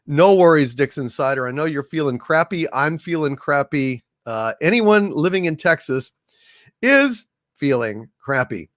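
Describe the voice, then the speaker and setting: A man's voice: fairly high pitch, expressive, a little slow, a bit bright, no echo, clean studio sound. A man hosting a livestream, reading viewer comments in rambling, plain-spoken casual chat, congested from allergies. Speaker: livestream host.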